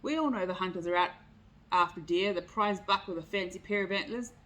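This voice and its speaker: A woman's voice: fairly low pitch, brisk, a bit bright, close to an everyday voice, low-quality recording. A woman voicing a sour, grumbling old brown bear in a read-aloud picture book.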